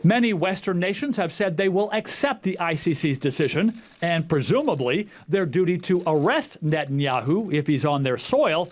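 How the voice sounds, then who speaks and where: A man reading a scripted news report as anchor, formal and measured. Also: a little high, lively intonation.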